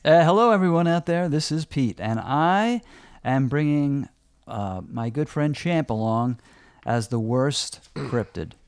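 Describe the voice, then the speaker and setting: A man's voice: medium pitch, lively intonation, a little slow, smooth, dry recording. A man co-hosting a casual podcast, speaking hesitantly with fillers. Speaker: podcast co-host.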